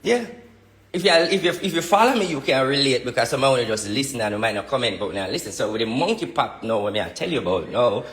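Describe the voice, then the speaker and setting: A man's voice: medium pitch, expressive, fast, fairly bright tone, roomy sound, long reverb tail. A man with a Jamaican accent gives prophecy-style declarations in a vlog, emphatic and repeating his lines.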